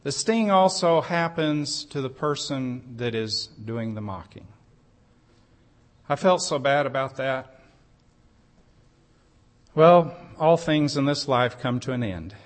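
A man delivers a sermon at a very unhurried pace, weaving a personal story into his teaching. His mid-range voice turns earnest and emphatic as he lifts certain phrases. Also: medium pitch, expressive. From United States. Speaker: preacher.

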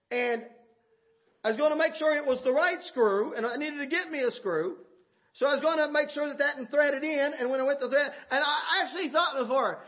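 A man preaching a sermon, swinging from loud shouted points to low murmurs, with laughing asides. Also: muffled recording.

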